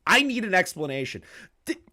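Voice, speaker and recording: A young man tears into a clip he is reacting to, swearing freely and laughing in disbelief. His voice sits a little high and jumps all over the place as he rants. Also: very animated, fairly quick, pushed and bright. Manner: incredulous ranting, swears a lot, laughs often. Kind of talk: profane reaction commentary.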